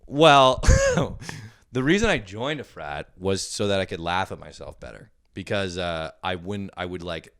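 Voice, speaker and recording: A man's voice: low-pitched, lively intonation, a little slow, creaky, fairly bright tone, no echo, studio quality. A young man hosting a podcast, telling rambling stories full of swearing in casual chat. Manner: profane, rambling storyteller. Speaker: podcast host.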